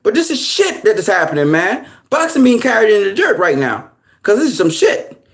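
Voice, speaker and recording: Angry man ranting, high voice that swings wide. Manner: angry, heated, profane ranting; animated, repeats "man". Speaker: boxing commentator. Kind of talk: ranting commentary.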